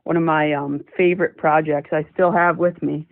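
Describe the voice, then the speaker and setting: A man's voice: on the high side, level tone, moderate pace, gravelly. A man, a former student, sends a friendly, chatty message full of fond memories, wandering a little as he talks. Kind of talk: recorded video tribute. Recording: tinny phone-like recording.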